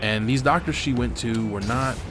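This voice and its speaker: Over gameplay and faint background music, a young gaming-channel host candidly recounts a family story, cursing freely. He speaks at a moderate pace in a mid-range voice.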